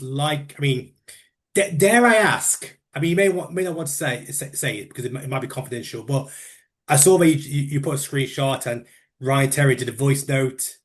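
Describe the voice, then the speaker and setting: A man from the UK hosting a casual interview, chatty, often starting with "look" and "mate" and repeating words. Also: on the high side. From United Kingdom. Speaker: interview host.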